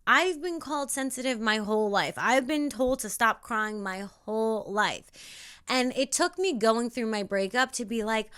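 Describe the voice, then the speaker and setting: A young woman hosts a spiritual self-help podcast in an animated, casual way and drops the odd swear word. Her voice is bright and sits a bit high for a woman. Now and then she rallies her listeners into loud chanted call-outs. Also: normal speed. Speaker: podcast host.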